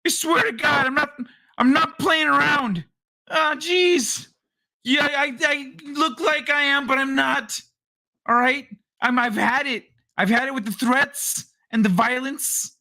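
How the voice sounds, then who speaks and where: A man mimicking a blustering online tough guy who shouts threats and keeps saying "oh jeez". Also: very high voice, a little slow, voice pushed up, exaggerated voice. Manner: shouting, huffy, repeats "oh jeez".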